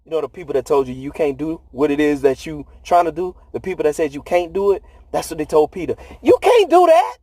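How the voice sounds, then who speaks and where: A man's voice: fairly high pitch, steady tone, fast, hardly any pauses, mellow, no echo. A man giving a preachy motivational talk in conversational, slangy speech, laughing often. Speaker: motivational speaker.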